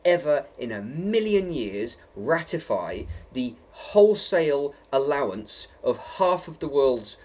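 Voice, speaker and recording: A man's voice: medium pitch, very animated, a little slow, hardly any pauses, darkish tone. A man from England delivering an emphatic vlog monologue, repeating himself and tagging lines with "right?" and "okay?". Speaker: video blogger.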